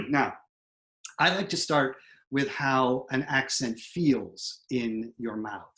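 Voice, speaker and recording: A man who is a theatre professor and dialect coach, giving an online lecture on a video call with animated, emphatic delivery. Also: mid-range voice, takes it slowly.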